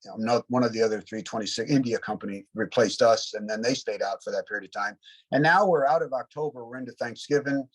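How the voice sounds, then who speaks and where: A man's voice: mid-range voice, fast talker, poor audio. A man in his seventies, a Vietnam veteran, telling rambling war stories in an interview with frequent "you know" asides. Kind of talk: reflective war storytelling.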